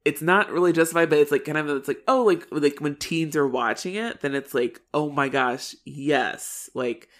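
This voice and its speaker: A woman's voice: low-pitched, a little fast, hardly any pauses. A woman co-hosting a casual rewatch podcast, rambling through her thoughts with many restarts and fillers. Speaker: podcast co-host.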